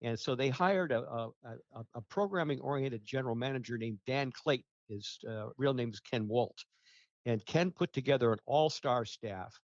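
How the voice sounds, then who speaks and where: A man's voice: mid-range voice, moderate pace, dry recording, dull audio. A man being interviewed about his radio career, rambling and full of fillers and restarts. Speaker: guest, radio ratings researcher. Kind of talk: casual interview talk.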